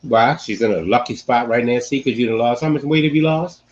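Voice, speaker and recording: A man hosting a casual sports-talk podcast, animated and repeating phrases for emphasis. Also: medium pitch, fairly quick, lo-fi sound. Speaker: podcast host.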